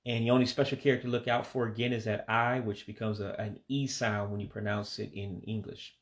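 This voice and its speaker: A man giving a casual vocabulary lesson, speaking slowly and carefully, repeating words with some hesitant fillers. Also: fairly low pitch, flat delivery. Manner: slow, careful repetition of words. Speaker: language learner teaching vocabulary.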